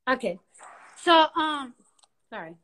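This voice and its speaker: Brief: young woman, bright high voice, nervous chatter on a phone live, loud and bubbly. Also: sing-song, takes it slowly. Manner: giddy, nervous, rambling, loud laughs and squeals. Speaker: Instagram live co-host. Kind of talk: casual live-stream chat. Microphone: phone camera.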